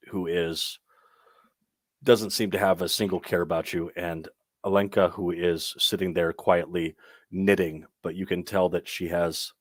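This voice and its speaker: A young man with a low voice runs a tabletop game, talking his way through the scene with plenty of ums and restarts. The sound is dry and close, with little room around it. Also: no room sound. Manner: rambling, full of ums and restarts. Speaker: game master.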